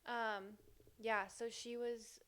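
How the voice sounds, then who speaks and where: A woman co-hosting a podcast, chatting casually about a book, full of "like" fillers and quick laughs. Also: a little high, level tone, a bit bright. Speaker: podcast co-host.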